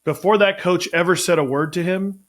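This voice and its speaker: A man's voice: high-pitched, fairly quick, fairly bright tone. A man hosting a casual talk show about coaching, emphatic and exasperated as he makes his case, swearing casually. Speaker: podcast host, catching coach. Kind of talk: casual conversational chat.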